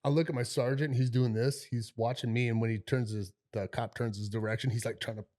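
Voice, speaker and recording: A man's voice: mid-range voice, fairly even intonation, fast, a little mellow. A middle-aged man co-hosting a podcast, telling a long story in a casual, rambling way, swearing freely and dropping fillers like "right?" and "you know". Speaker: podcast co-host.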